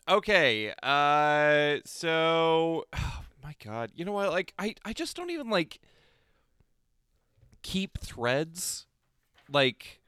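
Man co-host, wry and deadpan, slightly high clear voice, dry close-mic sound. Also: dry recording. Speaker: podcast co-host. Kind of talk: casual chat recapping a movie.

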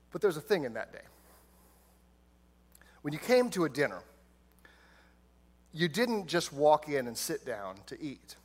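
A man's voice: on the high side, a bit bright. A man preaching a sermon, telling the story with humor and playful put-on voices for the characters. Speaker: pastor.

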